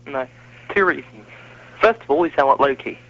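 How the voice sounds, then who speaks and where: With a fairly high voice at a moderate pace, this wrestling podcast host keeps things casual, talkative and self-deprecating. The recording sounds muffled and low-fidelity.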